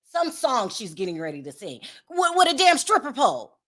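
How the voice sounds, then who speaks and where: A woman's voice: high-pitched, huge pitch swings, moderate pace, a bit bright. A woman hosting a celebrity gossip show in casual commentary, blunt, sassy and dismissive.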